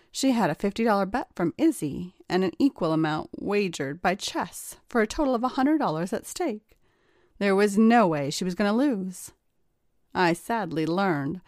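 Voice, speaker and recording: A woman narrating an erotic story in a slow, measured storytelling manner. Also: mid-range voice, a little mellow, dry recording, studio quality.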